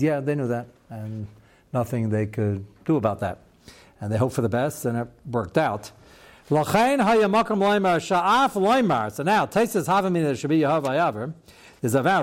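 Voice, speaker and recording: Animated man teaching Talmud. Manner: animated, acts out quoted exchanges with shifting pitch. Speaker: rabbi teaching a Talmud class. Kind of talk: lively Talmud lecture mixing Hebrew terms.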